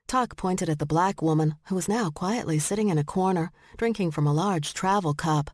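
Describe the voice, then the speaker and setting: A woman narrating a romance audiobook in slow, measured storytelling, recorded close on a studio mic. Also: fairly low pitch, a little mellow, no room sound. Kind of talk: scripted narration.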